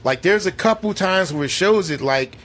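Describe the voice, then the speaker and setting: A man casually reviewing a movie with a co-host, animated and profane, acting out scenes as he talks. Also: high-pitched, normal speed, a little hiss or hum. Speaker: podcast co-host. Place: movie theater.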